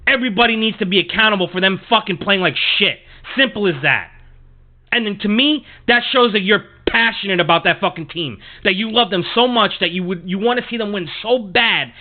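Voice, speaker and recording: A man's voice: high voice, brisk. A man hosting a sports podcast, swearing often and ranting heatedly in a monologue. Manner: profane, heated, repetitive ranting. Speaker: podcast host. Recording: tinny phone-like audio.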